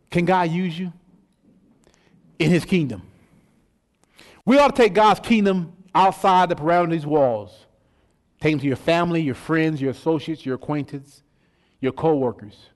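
A man's voice: a little high, moderate pace, pauses often. A middle-aged man preaching a sermon, telling stories and asking rhetorical questions. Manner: animated storytelling, rhetorical questions. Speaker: pastor.

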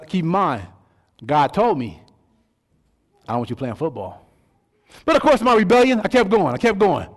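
Animated, high-pitched preaching man. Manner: animated storytelling, rhetorical questions. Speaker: pastor. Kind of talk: sermon.

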